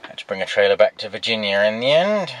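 A man's voice: lowish voice, big pitch swings, fast talker, fairly bright tone. A man, a truck driver, talking casually to camera in a vlog with dry, self-mocking humor, outdoors by his truck. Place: outdoors beside a truck at night. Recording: noisy outdoor camera audio. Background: vehicle and traffic noise.

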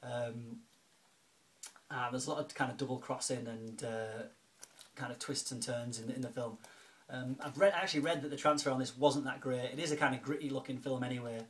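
A film collector vlogging at home chats casually and gratefully, thanking a friend, with plenty of ums and restarts. His mid-range voice is fairly bright, with a steady tone and a fairly quick pace.

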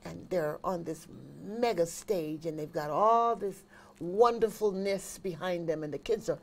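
Animated woman telling stories. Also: on the low side, measured pace, slight background noise. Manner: animated storyteller, emphatic repetition. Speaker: singer and vocal coach. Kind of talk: interview guest chat.

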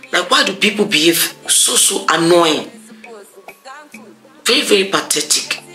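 A woman's voice: low-pitched, vocal fry, sharp tone, low-quality recording. A young Nigerian woman vlogging, ranting in irritation and repeating herself as she talks. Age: young adult. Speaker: vlogger, medical graduate. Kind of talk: casual vlog rant. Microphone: camera mic.

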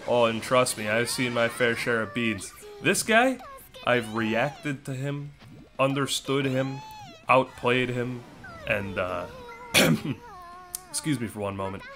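A man's voice: medium pitch, lively intonation, slow pace, a bit bright, faint music behind. A young man giving casual commentary on a puzzle game he is playing, with playful, sarcastic trash talk aimed at his opponent. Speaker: gaming streamer.

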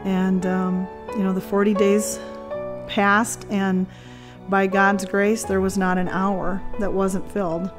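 A woman around sixty giving an earnest first-person account in an interview, acting out quoted dialogue and often pausing with fillers and restarts. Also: medium pitch, level tone, music in the background. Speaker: interview guest. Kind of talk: personal testimony in conversation.

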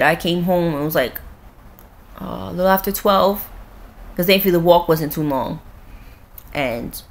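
A woman's voice: fairly low pitch, a bit bright. A young woman at home, ranting bluntly and profanely in a casual vlog. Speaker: vlogger. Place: at home with her cat.

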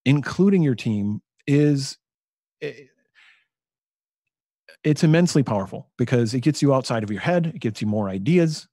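A man's voice: medium pitch, dark tone, no echo, clean studio sound. A man co-hosting a podcast in casual chat, thinking aloud and getting enthusiastic about ideas. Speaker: podcast co-host.

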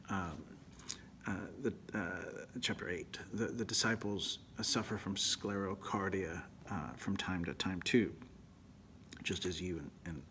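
A man, a priest, giving an animated, emphatic Bible teaching that often drops to a near whisper. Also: deep voice, slight background noise.

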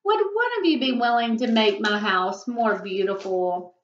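A woman voicing a gentle, polite male hermit crab from a storybook, speaking slowly and admiringly. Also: on the high side, lively intonation, slight background noise. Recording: echoey room, dull lo-fi.

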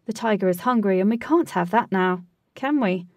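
A woman voicing a flustered, excitable gentleman in a storybook reading, speaking high-pitched and loud. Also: moderate pace, no room sound, far from the mic, lightly acted. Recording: dry, voice set back from mic.

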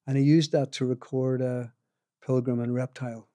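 An older man with a Northern Irish accent recounts stories in a modest, unhurried way, chuckling now and then. His voice is warm and mellow, and the recording is dry and close with no room sound around it. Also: medium pitch, level tone, no echo. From Northern Ireland. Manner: modest, chuckling, rambling anecdotes with restarts. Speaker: guitar maker, podcast guest. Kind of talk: casual storytelling interview.

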